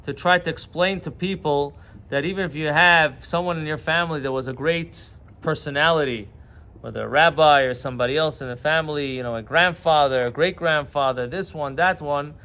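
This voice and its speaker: Rabbi with a raised voice telling a parable. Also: male voice, a little high, bright, forceful tone. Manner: explains patiently, retelling stories in plain words. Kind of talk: short morning sermon with a parable.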